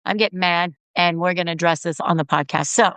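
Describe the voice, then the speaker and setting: A middle-aged woman hosting a solo podcast, telling stories in a chatty, emphatic way with quick asides. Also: lowish voice, steady tone, a bit bright, no room sound. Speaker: podcast host.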